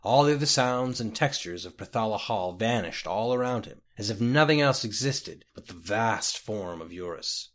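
A man reads a fantasy book aloud as host of his own reading series. His delivery is theatrical, with a lively, moving pitch. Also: moderate pace, hardly any pauses. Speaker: host and reader. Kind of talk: scripted storybook narration.

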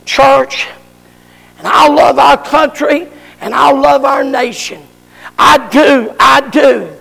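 Preacher shouting a sermon, high slow gravelly voice, big echoey hall. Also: male voice. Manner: fervent, shouted emphasis.

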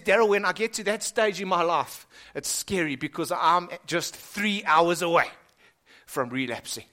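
A man preaching a sermon in a church hall, passionate and building up, then falling to hushed, slow emphasis. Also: high voice. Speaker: pastor.

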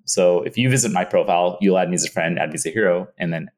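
A man telling a story in an interview, animated, acting out his own past thoughts and laughing often. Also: sits low, fast. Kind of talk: casual anecdote in an interview.

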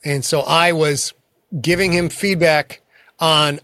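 A man's voice: on the high side, steady tone, slow pace, bright, forceful tone, no room sound. A man, a guest author in a casual interview, telling frank and self-deprecating stories about his work.

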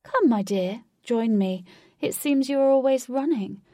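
A woman reading a storybook villain, a flamboyant man who is charming and creepy, with a theatrical, drawn-out delivery. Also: high voice, warm tone, no room sound, clean studio sound, pitched above the performer's own voice. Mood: smooth, taunting.

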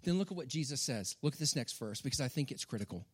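A man's voice: mid-range voice, animated, fast, husky. A man, a pastor giving a conversational, humorous sermon that keeps checking in with the crowd.

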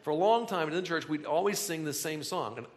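High-voiced man preaching in a reverberant hall. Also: expressive, fairly quick. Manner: conversational, rising to emphatic bursts with repeated phrases. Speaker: pastor. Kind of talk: sermon. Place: large hall with a live congregation.

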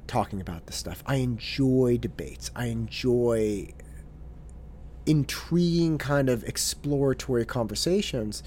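A man's voice: mid-range voice, dark tone, slight background noise. A man who works as a tutor, telling a story in an earnest monologue and often repeating his words as he goes.

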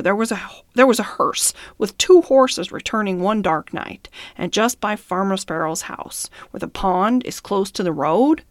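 A woman's voice: medium pitch, no room sound, clean studio sound. A woman voicing a fiery old male horse in a storybook reading, speaking indignantly. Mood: grave. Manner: indignant, protesting.

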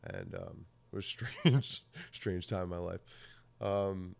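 A man's voice: low voice, wildly swooping pitch, slow pace, creaky, no room sound. A man hosting a podcast, telling a rambling, profane story in casual talk and laughing often. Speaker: podcast host.

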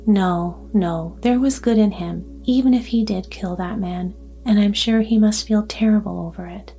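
A woman voicing a kindly, talkative old grandmother in a gentle, earnest way. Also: medium pitch, normal speed, soft background music, lightly acted. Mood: tender.

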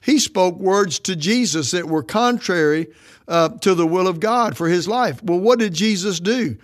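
A man preaching a sermon, emphatic and declaring, often slowing down to stress his words. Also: high-pitched, animated.

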